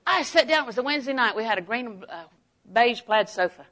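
Bright, forceful woman giving a sermon. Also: on the high side, lively intonation, quick pace. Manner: emphatic, storytelling, rising to strong declarations. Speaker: Bible teacher. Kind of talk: sermon-style Bible teaching.

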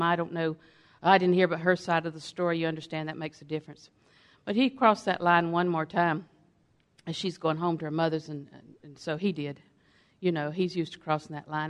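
Older woman preacher, emphatic, repeats her points, folksy sermon storytelling. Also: on the low side.

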